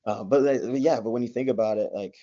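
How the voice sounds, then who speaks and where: A man's voice: mid-range voice, fast talker, warm tone. A young man in his twenties, a college wrestler, chatting as a guest in a rambling way, full of likes and restarts. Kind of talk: casual interview. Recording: dull lo-fi sound.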